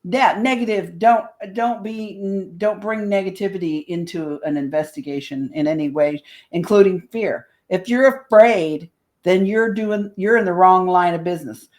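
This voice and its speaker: A woman's voice: on the low side, moderate pace, darkish tone. Blunt, salty older woman talking. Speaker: radio show co-host. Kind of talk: casual chat.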